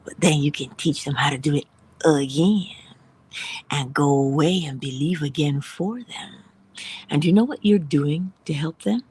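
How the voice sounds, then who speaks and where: A woman hosting a morning inspiration livestream, giving an animated spiritual talk and dropping at times into whispers. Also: low voice, moderate pace, slightly rough. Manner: animated, acts out dialogue in voices, drops to whispers.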